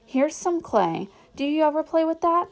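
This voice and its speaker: A woman's voice: sits high, very animated, normal speed, pitched above the performer's own voice. A woman reading aloud, voicing an impish, demanding little girl in a sing-song childish voice. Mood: playful.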